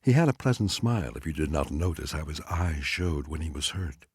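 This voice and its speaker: A man narrating a literary short story aloud in an expressive, dramatic reading style. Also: extremely low pitch, brisk, husky, dry recording, studio quality. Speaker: audiobook reader.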